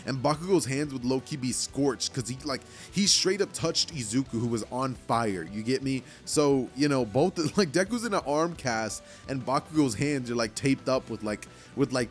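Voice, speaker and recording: A man's voice: mid-range voice, moderate pace, hardly any pauses. A man casually narrating a fan-made story, rambling along and leaning on "like" and "you know". His voice sits in an ordinary middle range. Faint music plays underneath.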